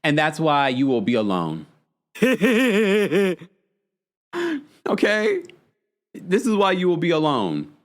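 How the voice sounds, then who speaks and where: A man's voice: on the high side, wildly swooping pitch, normal speed. A young man hosting a casual, gossipy reality TV recap, reading out live chat and laughing often. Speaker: podcast host.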